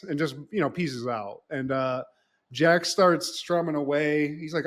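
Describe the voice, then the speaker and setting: A man co-hosting a podcast, telling a plot story in an animated, profane, casual way. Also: a little high, normal speed. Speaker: podcast co-host. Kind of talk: casual podcast chat recapping a show.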